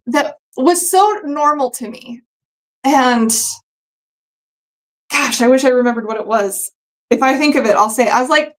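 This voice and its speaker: A woman's voice: fairly high pitch, rough recording. Chatty woman sewing on a livestream. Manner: chatty and rambling, with many "um"s and "like"s. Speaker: quilting host sewing along live. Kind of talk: casual live-stream chat while sewing.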